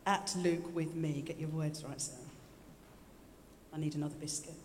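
A woman's voice: low voice, steady tone, moderate pace, darkish tone, slight background noise. A woman preaching a sermon in a chatty style, with joking asides and repeated phrases, in a church hall. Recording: echoey hall with music. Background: live instrumental music.

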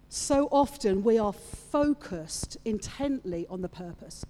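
A woman's voice: medium pitch, expressive, unhurried, hardly any pauses, warm tone. A woman preaching a sermon, retelling a story with playful asides to her congregation. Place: church hall with audience. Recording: long reverb of a large hall.

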